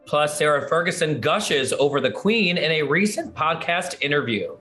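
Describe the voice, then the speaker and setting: A man hosts an entertainment news show, his voice hoarse. He sits a little high for a man and keeps his delivery upbeat and conversational as he introduces stories and guests. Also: animated, normal speed, sharp tone, faint music behind. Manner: upbeat, chatty presenting. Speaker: host.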